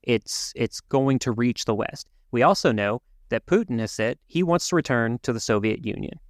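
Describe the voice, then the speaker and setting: A man co-hosting a podcast, talking through world events in an earnest, measured way with some restarts. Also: medium pitch, expressive, no echo, studio quality. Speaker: podcast co-host. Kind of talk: casual conversational commentary.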